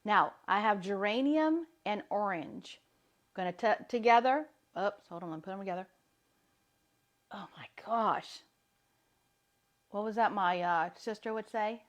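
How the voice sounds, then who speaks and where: A woman's voice: mid-range voice, a little slow, pauses often, lo-fi sound. A woman with a light Southern accent, giving a chatty, upbeat live talk as a wellness coach. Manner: chatty, upbeat, laughs often.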